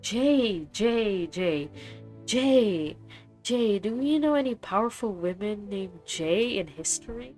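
A young woman streamer giving casual, excitable commentary while she plays a game, swearing and laughing often. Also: mid-range voice, takes it slowly, soft background music.

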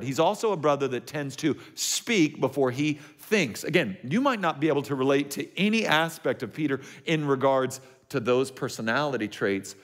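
A male pastor delivering a sermon in a loose, conversational manner, often checking in with the congregation. His voice jumps up and down as he acts out the lines he quotes. His pitch sits right in the middle for a man. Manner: conversational and animated, checks in with listeners.

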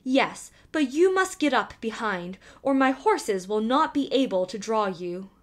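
A woman's voice: fairly high pitch, very animated, a little slow. A woman doing an anxious storybook rooster. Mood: mournful. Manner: breathless, urgent pleading.

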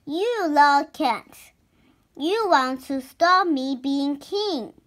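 Brief: child reading storybook boy king, bossy and urgent, high, slow. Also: lively intonation, fairly bright tone, full character voice.

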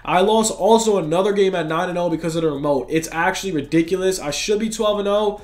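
Young man, higher voice, has a cold, fast casual chatter, gaming commentary. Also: darkish tone. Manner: fast, chatty, says "bro" a lot. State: has a cold, sounds tired. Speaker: gaming YouTuber.

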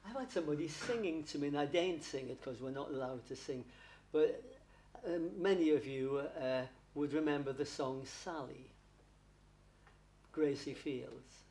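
A man's voice: fairly high pitch, measured pace, a little mellow, slight background noise. A man working as a medium at a spiritualist church service, chatty and affectionate, laughing often and calling listeners darling. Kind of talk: spiritualist church platform reading.

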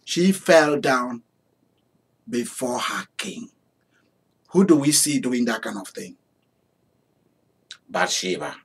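A male preacher tells a scripture story in a sermon, leaning hard on each phrase. His voice sits high and moves animatedly up and down. He speaks slowly with a slight husky edge. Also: big pitch swings.

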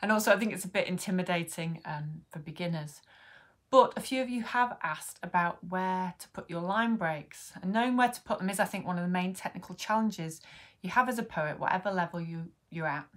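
Woman poet running a beginners workshop, friendly, lotsa ums, lowish voice. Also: brisk. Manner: friendly, explanatory, with frequent ums. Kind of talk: online poetry lesson to camera.

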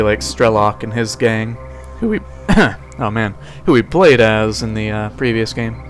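Young man, game commentary, rambling, jokey, talks to characters, faint music behind. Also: medium pitch. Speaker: let's play host. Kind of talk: casual gameplay commentary.

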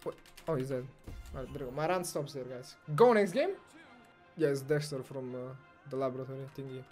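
A young man commentating on his own gameplay, excitable and foul-mouthed, swinging from muttering to yelling and ranting. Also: medium pitch, fast talker, faint music behind. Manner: excitable, swears, rants, swings from mumbling to yelling. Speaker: gamer streamer.

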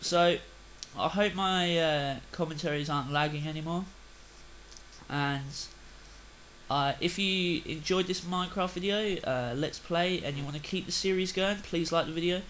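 Young Australian male gamer, rambling and loose, slightly raised pitch, prone to loud excited yelps. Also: normal speed, a little hiss or hum, low-quality recording. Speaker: gaming video host. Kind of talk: casual game commentary.

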